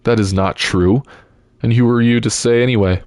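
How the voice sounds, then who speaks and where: A man voicing a proper, quick-tempered young lady who answers in indignant, clipped retorts. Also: medium pitch, fairly even intonation, darkish tone, no room sound, studio quality, voice pushed up, lightly acted. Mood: furious.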